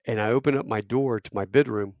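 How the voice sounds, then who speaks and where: A man in his fifties, a podcast guest telling a casual story, profane, with loud bursts and quiet asides. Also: mid-range voice, fast talker, slight background noise.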